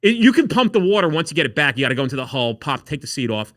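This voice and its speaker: Profane, animated man telling stories. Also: a little high, rapid-fire, no echo, studio quality. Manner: profane, animated storyteller acting out quotes. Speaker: podcast guest. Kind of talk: casual storytelling.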